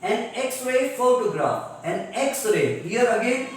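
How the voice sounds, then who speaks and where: Indian english teacher guy lecturing grammar, highish voice, very echoey room and far from the mic. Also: animated, a little hiss or hum. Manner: explains slowly, repeats examples several times. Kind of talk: classroom lecture.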